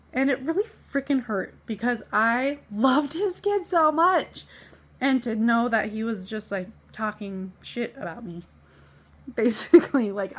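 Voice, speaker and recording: A woman telling a painful personal story, emotional and blunt, swearing and laughing through the hurt. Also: medium pitch. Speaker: vlogger.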